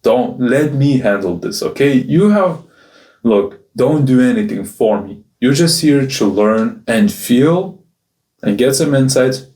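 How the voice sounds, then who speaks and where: A man's voice: mid-range voice, lively intonation, unhurried, mellow. A man speaking in a confessional video diary, raw and emotional, swearing often and restarting his sentences. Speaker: video journal host. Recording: roomy echo, mic at a distance.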